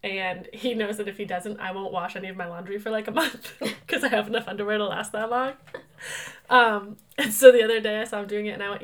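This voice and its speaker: A woman's voice: medium pitch, a bit bright. A young woman co-hosting a podcast, chatting casually, teasing and laughing often. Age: young adult. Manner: laughing, teasing, quick to joke. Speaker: podcast co-host. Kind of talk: casual chat.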